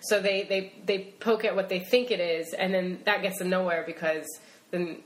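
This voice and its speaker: A woman's voice: on the low side, steady tone, normal speed. Young female co-host, candid and laughing, faint room noise. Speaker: podcast co-host. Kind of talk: casual chat. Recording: roomy echo.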